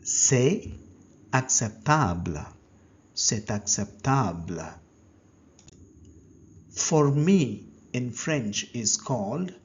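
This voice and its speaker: A man leads a language lesson at an extremely slow, deliberate pace, leaving gaps for the learner to answer. His voice is husky and a little breathy. The recording sounds dull and lo-fi. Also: medium pitch, a little mellow. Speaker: language teacher.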